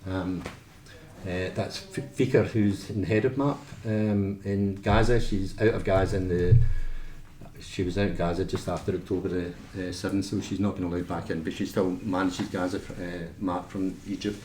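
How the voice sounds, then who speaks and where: A man's voice: sits low, fairly even intonation, moderate pace, a little mellow. A man with a Scottish accent, a nurse giving an informal talk about his work, chatty and full of anecdotes and restarts. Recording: echoey meeting room, faint noise.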